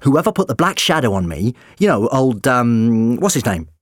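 A man voices a frantic, pleading male time traveller for an audiobook character part. His mid-range delivery is very animated at a moderate pace, pitched above his own voice yet close to an everyday one, with dry, clean studio sound.

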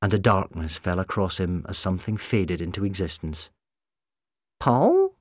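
A man narrating a storybook reading in an expressive, measured way. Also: low-pitched, no room sound, studio quality.

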